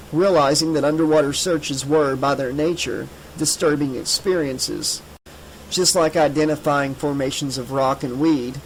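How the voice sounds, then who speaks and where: A man reading an audiobook in a measured, steady voice. His voice sits somewhat high for a man, with a faint room tone behind him. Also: gravelly, slight background noise, rough recording. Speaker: audiobook narrator. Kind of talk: scripted narration.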